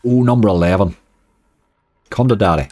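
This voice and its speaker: A Northern Irish slots streamer plays casino games live, keeping up a chat with his viewers and grumbling whenever he nearly wins. His low, mellow voice moves at a moderate pace, recorded close and dry with no room sound, faint game music in the background.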